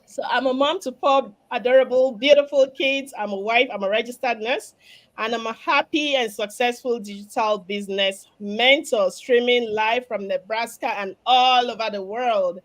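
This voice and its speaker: A woman's voice: fairly high pitch, moderate pace. A Nigerian woman hosting a live video stream, upbeat and promotional, talking through a cough. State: has a cough. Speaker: host, business mentor. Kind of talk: live stream panel chat.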